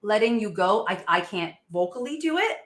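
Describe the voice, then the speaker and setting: A woman in her thirties hosts a casual podcast chat, talking with the eager, laughing energy of a devoted fan. Her voice is bright and forward. The room around her is noticeably echoey. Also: mid-range voice, moderate pace. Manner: excited, gushing fan with frequent laughs. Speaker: podcast host.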